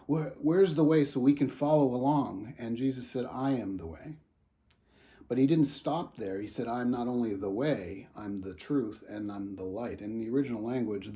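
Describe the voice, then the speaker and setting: A man giving a brief devotional in a deep, dark and mellow voice, earnest and conversational as he speaks to his viewers. His pitch sits in an ordinary middle range. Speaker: pastor. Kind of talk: short devotional talk.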